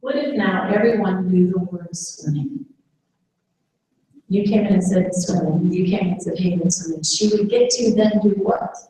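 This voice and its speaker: At a live workshop for dementia caregivers, a woman with a medium-pitched, warm voice speaks at a moderate pace and keeps the audience engaged by asking them questions. The room is echoey, the mic sits far away, and there's faint background noise.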